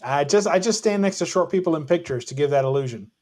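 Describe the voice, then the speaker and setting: A man's voice: a little high, expressive, fast, a little mellow. A man teasing and chatting in a casual group conversation.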